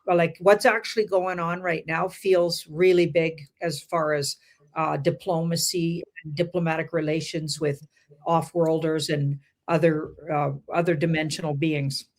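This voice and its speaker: A woman with a slightly low voice speaks as a tarot reader in a casual interview. She gropes for words, with frequent uhs, likes and restarts. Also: flat delivery, a little slow. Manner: hesitant, many fillers and restarts.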